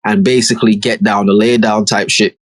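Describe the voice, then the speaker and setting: A man's voice: fairly low pitch, fairly quick, dry recording. A man, co-hosting a podcast and retelling a TV episode in casual chat, acting out characters' lines with slang. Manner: animated, acts out characters' lines with slang and swearing. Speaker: podcast co-host.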